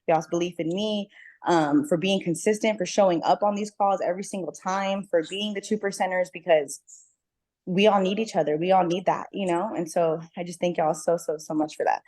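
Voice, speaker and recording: An earnest woman speaks on a group video call, leaning hard on her words and repeating them for emphasis. Her voice sits a little low for a woman. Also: fairly even intonation, fairly quick, darkish tone. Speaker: book club member about to host an event. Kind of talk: casual call sharing.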